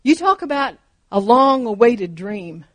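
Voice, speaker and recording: A woman's voice: a little high, sing-song, measured pace. A woman in her fifties or older preaching a sermon, fervent and emphatic, driving her points home with repeated phrases.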